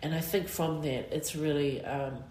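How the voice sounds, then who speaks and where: A middle-aged New woman with a low voice, answering interview questions in a halting, reflective way full of pauses. She sounds emotional and close to tears, and her voice carries a roomy echo. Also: fairly even intonation, darkish tone, slight background noise. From New Zealand. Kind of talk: personal interview.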